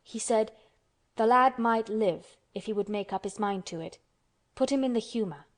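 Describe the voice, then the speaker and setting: A woman's voice: fairly high pitch, normal speed, close to an everyday voice. A fretful sickly boy, as a woman reads him. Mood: brooding. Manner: petulant, anxious questioning.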